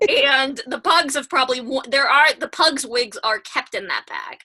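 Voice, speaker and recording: Bubbly high-voiced young woman. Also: normal speed, sharp tone, husky. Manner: giggly and chatty. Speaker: podcast co-host. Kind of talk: casual podcast chat.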